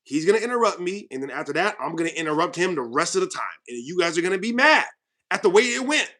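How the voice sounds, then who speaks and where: Heated ranting host, man, high bright voice, confrontational. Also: big pitch swings, fast talker. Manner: heated, confrontational, repetitive, swings loud and quiet. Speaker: channel host. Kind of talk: ranting commentary to viewers.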